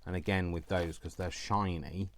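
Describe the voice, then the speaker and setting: A man's voice: sits low, fairly even intonation, normal speed, a little hiss or hum. A man hosting a crafting vlog, rambling casually and talking to himself as he sorts through craft supplies at his desk. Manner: rambling, talks to himself while sorting. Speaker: crafting channel host.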